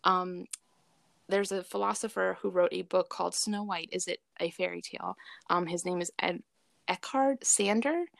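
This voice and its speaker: Chatty woman with a gravelly low voice. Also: normal speed, dry recording. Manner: chatty, hesitant with many fillers. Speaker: podcast co-host. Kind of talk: casual chat.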